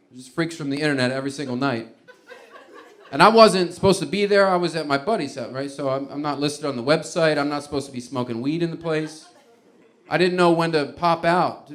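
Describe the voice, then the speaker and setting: A man's voice: on the high side, fairly bright tone. A man doing stand-up comedy, telling a loose, rambling story with restarts and fillers and making wry asides to the audience.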